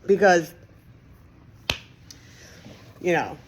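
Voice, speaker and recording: A woman's voice: lively intonation, very slow, slight background noise. A woman venting in a heated, profane, emphatic monologue to her viewers. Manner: heated, profane and emphatic, with sudden pitch swings. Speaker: vlogger.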